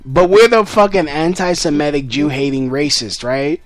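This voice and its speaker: A man's voice: fairly high pitch, moderate pace, a crowd in the background. Profane, sarcastic ranting man. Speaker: political vlogger. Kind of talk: angry monologue rant.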